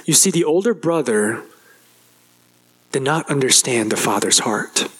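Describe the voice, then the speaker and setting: A man's voice: unhurried, slightly rough. A man preaching a sermon as pastor, speaking straight to the congregation and acting out a character's complaint with a rising voice. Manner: animated, acts out the older brother's complaint with rising pitch; addresses the congregation directly, asks questions.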